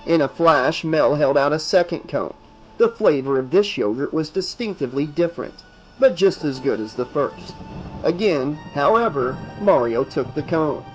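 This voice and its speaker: A man reading a horror audiobook aloud in a steady, measured storytelling manner. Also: on the high side, highs cut off, faint music behind. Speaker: audiobook narrator.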